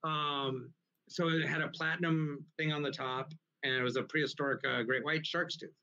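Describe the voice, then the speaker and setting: Brief: male comedian guest, high-ish bright voice, rambling and profane, on a muffled lo-fi recording. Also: normal speed, background noise. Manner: rambling, profane, animated anecdotes. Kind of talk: casual storytelling in a live interview.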